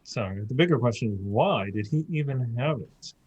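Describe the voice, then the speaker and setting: A man's voice: mid-range voice, expressive, normal speed, a little mellow, husky, muffled recording. A man playing a tabletop game, asking probing questions. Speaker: player. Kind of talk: casual tabletop play.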